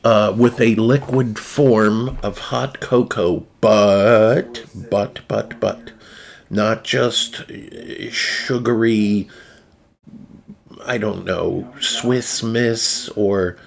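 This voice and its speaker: A man's voice: fairly low pitch, steady tone, very slow, creaky. A man with a New Jersey accent hosting a casual chat, rambling loosely through food photos with lots of fillers and restarts. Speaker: channel host.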